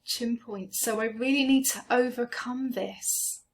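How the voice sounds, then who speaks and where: Soft-spoken woman guiding a tapping session. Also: fairly high pitch. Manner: slow, gentle, soothing guidance. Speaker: EFT tapping coach. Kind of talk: guided tapping meditation.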